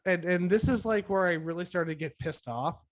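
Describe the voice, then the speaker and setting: A man telling a story on a podcast after a few drinks. He is sarcastic and animated, and he swears freely. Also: high-pitched, a little fast. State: tipsy. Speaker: podcast co-host. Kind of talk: casual podcast chat.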